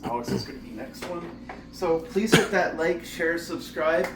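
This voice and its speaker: A man chats his way through a recipe in a home kitchen, relaxed and conversational. He sits back from the mic, so the room rings around him. Dishes and pans clatter behind his voice. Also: on the high side, moderate pace. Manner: relaxed, chatty explaining while cooking. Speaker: home cooking channel host. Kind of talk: casual cooking demonstration. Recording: echoey kitchen, distant mic, noisy. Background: pots, pans and dishes clattering.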